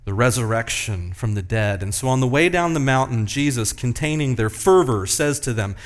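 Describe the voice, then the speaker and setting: A man preaching a sermon, moving between loud, emphatic passages and hushed, slow ones. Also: mid-range voice, animated. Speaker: pastor.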